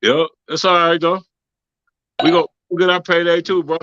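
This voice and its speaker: Laid-back podcast co-host man, bright voice, dry, dull sound. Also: on the high side, steady tone, normal speed, dry recording. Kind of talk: casual chat.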